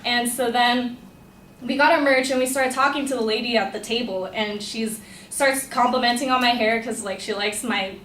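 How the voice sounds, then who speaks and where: A young woman telling a personal story to a class, chatty and excitable, full of "like". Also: fairly high pitch, normal speed. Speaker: student storyteller. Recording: roomy room, distant mic, faint hum.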